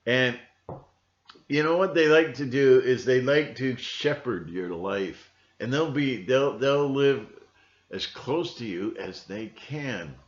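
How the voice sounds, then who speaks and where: A man's voice: mid-range voice, takes it slowly. A man vlogging at home in a rambling monologue, with frequent restarts and a conspiratorial tone. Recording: roomy, dull lo-fi sound.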